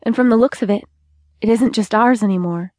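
A woman's voice: fairly high pitch, fairly quick, dark tone, dry recording, studio quality, natural voice. Woman playing a flustered, guarded young woman.

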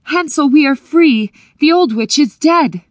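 A woman reading aloud plays a bold young girl in a fairy tale. Her voice lifts high and eager, carried in a dry, close recording. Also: big pitch swings, normal speed, dry recording. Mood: excited. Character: young girl, brave and overjoyed. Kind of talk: audiobook character voice.

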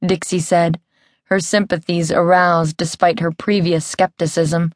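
A woman narrating a mystery audiobook in a measured storytelling manner, on a close studio mic. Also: lowish voice, little pitch movement, no echo. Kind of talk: scripted narration.

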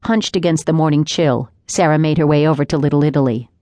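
In this scripted audiobook narration, a low-voiced female narrator reads steadily and deliberately. The mic is close and dry, capturing no room ambience.

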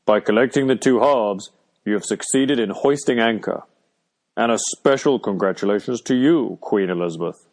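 Pompous butler guy in an audiobook, booming and formal, kinda unusual tone, a guy putting it on. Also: normal speed, a little mellow, natural voice. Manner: pompous, ceremonious. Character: formal boisterous male servant.

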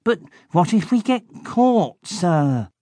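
A man's voice: high voice, big pitch swings, slow pace, dark tone, no room sound, clean studio sound, pitched above the performer's own voice, heavily acted. A man doing a timid little henchman. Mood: nervous. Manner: deferential, calls the boss sir. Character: small timid male henchman, nervous and fawning.

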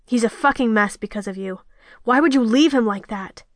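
A woman voicing a gruff, frustrated young man who speaks curtly and on edge. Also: fairly high pitch, normal speed, no echo, studio quality, natural voice. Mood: irritated. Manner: curt, irritated.

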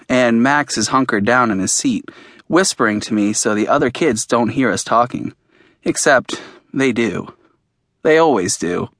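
A man's voice: medium pitch, a bit bright, no room sound, studio quality. A man narrating an audiobook in the first person, in a plain, earnest storytelling manner.

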